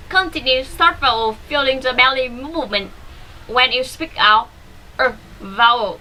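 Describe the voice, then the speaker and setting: A high, bright-voiced woman teaches English vowels at an unhurried pace. She is not a native English speaker, and she draws out each drill word slowly and deliberately. A faint hum of room ambience sits behind her. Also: low-quality recording. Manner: slow and deliberate, drawing out repeated vowel drills. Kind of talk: pronunciation lesson with drills.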